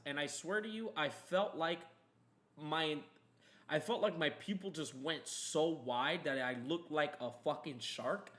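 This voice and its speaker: A man's voice: on the high side, a bit bright. A young man hosting a podcast, telling a story in a heated, emphatic way and swearing often. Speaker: podcast host. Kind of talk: casual storytelling chat.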